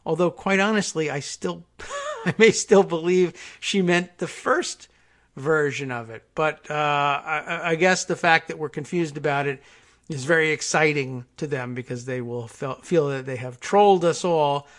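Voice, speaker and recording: Male radio host, fairly high voice, wry and musing, rambling monologue. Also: expressive, a little slow, fairly bright tone. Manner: wry, musing, conversational with frequent restarts. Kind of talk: political talk radio monologue.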